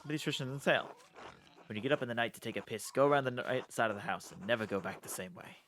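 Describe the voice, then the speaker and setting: A man voicing a superstitious, grumbling old male villager in a game, crude and gruff in his talk. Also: medium pitch, fast talker, fairly bright tone, a little hiss or hum, lightly acted.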